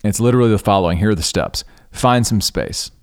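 A man hosting a podcast, earnestly recounting a personal spiritual experience in an unhurried way, pausing and restarting mid-thought. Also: lowish voice. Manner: spiritual, devout tone. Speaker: podcast host. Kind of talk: reflective personal storytelling.

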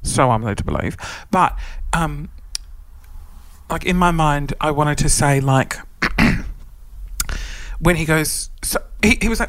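A man's voice: on the high side, lively intonation, takes it slowly, pauses often, a bit bright, dry recording. Guy ranting through a story, swears a lot, super dramatic, dry close sound. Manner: dramatic, swearing, acts out his own rants. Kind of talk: casual storytelling.

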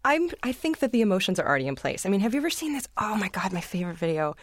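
A woman co-hosting a casual podcast chat, telling animated stories with frequent laughter and casual swearing. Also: mid-range voice, rapid-fire, dry recording. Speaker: podcast co-host.

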